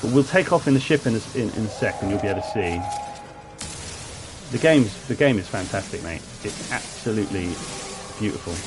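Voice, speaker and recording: A man's voice: fairly low pitch, expressive, fairly quick, over music. A man from southwest England chatting casually while streaming a game, rambling and greeting viewers in chat. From Plymouth, southwest England. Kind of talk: casual live-stream gameplay commentary.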